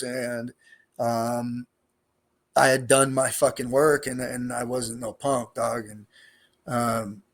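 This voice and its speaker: A middle-aged man telling his own prison stories in a casual interview, streetwise and profane, rambling with lots of fillers. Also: mid-range voice. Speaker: guest, former prisoner.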